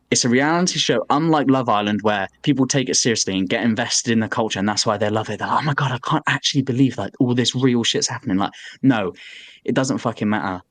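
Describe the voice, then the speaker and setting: A man retelling a story on a podcast. His delivery is animated and loose, with frequent swearing and a steady stream of "like" fillers. The recording is dry and close, with no room sound. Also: medium pitch, dry recording. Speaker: podcast co-host. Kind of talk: casual chat.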